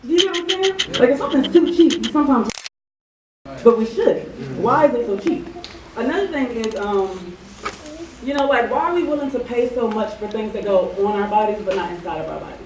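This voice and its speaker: A woman's voice: fairly high pitch, expressive, a little fast, noisy background. A woman talking casually to an audience, chatty and full of fillers. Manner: chatty, many fillers like um and you know. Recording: echoey room from far off, crowd audible.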